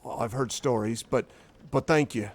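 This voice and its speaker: A man's voice: medium pitch, lightly acted. A man voicing a nervous, grateful male dwarf who stammers and halts as he speaks. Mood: nervous thanks. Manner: stammering and halting.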